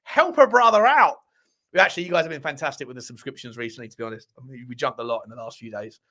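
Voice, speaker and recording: A man's voice: mid-range voice, fairly even intonation, rapid-fire, bright, forceful tone. A man hosting a football fan livestream, chatting casually, rambling, correcting himself and joking with the live chat. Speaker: football fan channel host.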